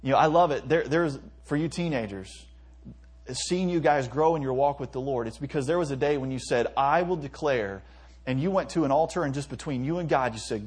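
Husky man preaching an earnest sermon. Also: mid-range voice, a little fast, darkish tone. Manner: earnest, reads scripture aloud, acts out prayers. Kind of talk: sermon to youth.

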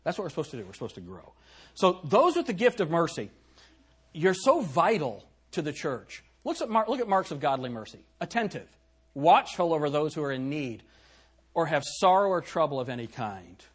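A man's voice: on the high side, sing-song, normal speed, slightly rough. A middle-aged man preaching a sermon in a church, throwing rhetorical questions at the congregation. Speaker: pastor.

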